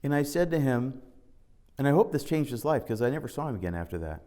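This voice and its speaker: A man's voice: medium pitch, big pitch swings, fast, dark tone. A man giving an informal spiritual talk, telling stories and acting out the dialogue, sometimes reading scripture aloud. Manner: conversational storytelling, acting out dialogue. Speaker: spiritual teacher.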